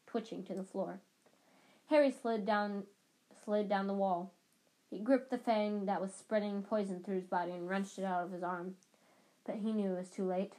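Sex: woman. Role: audiobook reader. Style: reading a novel aloud. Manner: dramatic, repeats phrases. Pitch: medium. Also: a little mellow, low-quality recording.

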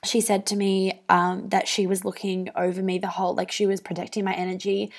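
A woman's voice: mid-range voice, flat delivery, a little fast. A young woman hosting a podcast, talking casually and candidly, swearing freely with lots of "um" and "like". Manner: chatty, swears freely, many fillers. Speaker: wellness podcast host.

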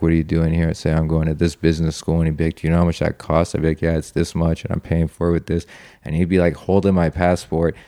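A man's voice: low-pitched, dark tone, no echo, studio quality. A young man casually telling a long story as an interview guest, laid-back and swearing freely. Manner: laid-back, swears freely, acts out other people's lines.

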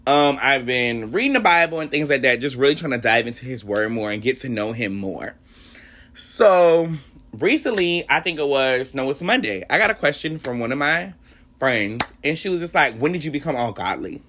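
A man's voice: mid-range voice, lively intonation, normal speed, pushed and bright, slight background noise. A young adult man hosting a solo podcast, telling a personal faith story in an emotional, rambling, heartfelt way. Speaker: podcast host.

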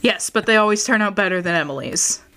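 A woman co-hosting a casual chat, relaxed, chiming in with short remarks. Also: mid-range voice, quick pace, smooth.

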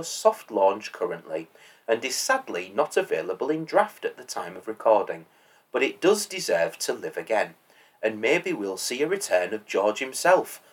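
A man's voice: medium pitch, breathy edge, recorded from a distance. A man hosting a podcast, reading scripted narration in a wry, lightly sardonic manner. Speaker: podcast host.

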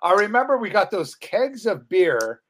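High-voiced middle-aged man telling rowdy stories. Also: big pitch swings, normal speed, a bit bright. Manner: rambling and profane, acts out quoted voices. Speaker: guest, former metal band guitarist. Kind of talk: casual storytelling chat.

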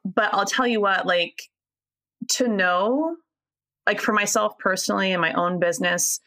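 A woman's voice: mid-range voice, a little slow, bright, forceful tone. A woman co-hosting a casual chat, reflective and earnest with some wry teasing. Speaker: co-host.

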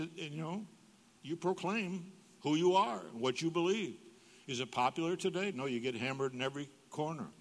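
An older man preaching as a guest speaker, telling humorous stories and acting out dialogue with big jumps in his voice. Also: mid-range voice. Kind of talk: humorous sermon storytelling. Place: church sanctuary. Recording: reverberant church hall.

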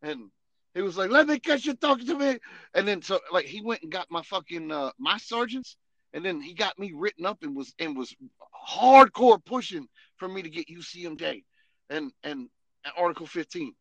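Man, army veteran, casual profane storytelling, bright tense tone, fairly high pitch. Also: normal speed, no echo. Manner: profane, animated, repeats "you know what I mean". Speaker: podcast host and Army veteran.

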